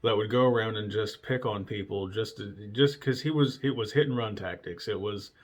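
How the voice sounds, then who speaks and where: A man's voice: fairly low pitch, moderate pace. A man hosting a casual solo talk show, telling stories from his past bluntly and with lots of swearing, laughing at himself now and then. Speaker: podcast host.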